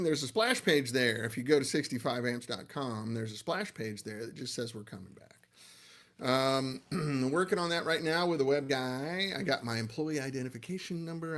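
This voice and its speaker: A middle-aged man who builds amps hosts a casual livestream, speaking at medium pitch with a fairly bright tone. He talks loosely, rambling and poking fun at himself.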